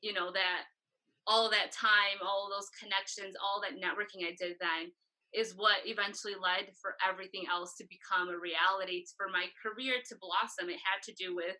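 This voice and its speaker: A woman's voice: mid-range voice, moderate pace, rough recording. A woman in her thirties, a photographer guest telling stories in a casual interview and acting out the exchanges she quotes. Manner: animated storyteller, acts out quoted exchanges.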